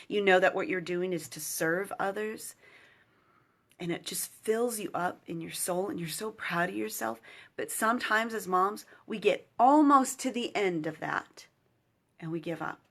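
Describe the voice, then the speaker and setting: A woman's voice: mid-range voice, a bit bright. A woman in her thirties, a mom and certified mentor, talking earnestly and encouragingly straight to the camera in a casual motivational vlog. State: choked up with emotion at times. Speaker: certified mentor speaking to moms.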